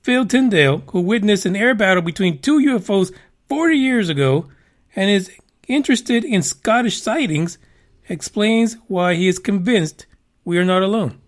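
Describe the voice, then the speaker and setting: A man with a high voice hosts a casual podcast. He rambles through the news with profane, wisecracking asides. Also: expressive, moderate pace. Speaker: podcast host.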